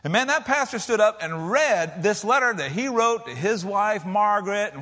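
A middle-aged man preaching a sermon to a large church, folksy and lively, swinging between loud emphasis and soft hushed lines. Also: high-pitched, normal speed, hardly any pauses. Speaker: pastor.

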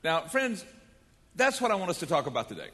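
Male pastor, folksy animated sermon, high voice, long hall reverb. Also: brisk. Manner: folksy, animated preaching with asides.

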